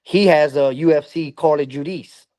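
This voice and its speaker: Mellow-voiced halting boxing coach man. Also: fairly high pitch, dry recording. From Louisiana. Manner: halting, lots of fillers and restarts. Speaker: boxing coach, podcast guest. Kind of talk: casual interview talk.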